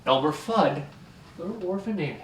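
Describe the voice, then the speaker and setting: Guy playing an angry sarcastic patient, lively pitch, echoey stage from far off. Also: moderate pace, slight background noise, lightly acted. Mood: irritated. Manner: snarling, insulting, sarcastic. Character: hot-tempered man with anger problems. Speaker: group therapy patient. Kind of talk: community theater comedy.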